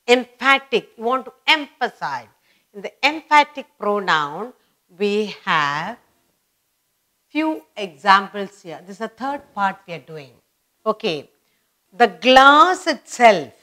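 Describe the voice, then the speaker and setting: Slow, deliberate woman teaching grammar. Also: medium pitch, a bit bright. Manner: slow, deliberate, repeats examples aloud. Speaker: English teacher. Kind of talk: slow grammar lesson for kids.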